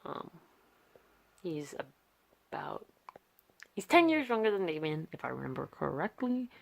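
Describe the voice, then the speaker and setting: A woman's voice: low-pitched, big pitch swings, measured pace, creaky. A young British woman talking casually through her sketchbook, chatty and self-deprecating, rambling between pages on a phone camera. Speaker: vlogger.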